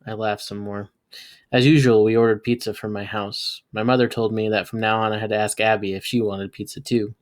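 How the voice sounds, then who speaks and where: Man reading a story aloud. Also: fairly quick. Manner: lively, voices characters with jumps in pitch and loudness. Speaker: teacher reading a novel aloud.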